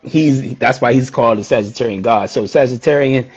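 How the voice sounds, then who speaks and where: Husky-voiced man in a laid-back stream chat, offhand shout-outs, muffled lo-fi sound. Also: medium pitch, fairly quick. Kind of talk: casual live-stream chat. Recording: dull lo-fi audio.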